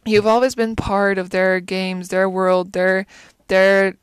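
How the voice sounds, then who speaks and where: A woman talks through her thoughts in a relaxed, rambling way, pausing to hunt for words and posing questions aloud. Her voice is smooth and clear, and the recording is close and dry. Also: medium pitch, no echo. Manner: thinks aloud, searching for words and restarting; reflective, asks rhetorical questions. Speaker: film commentator. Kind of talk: casual musing chat.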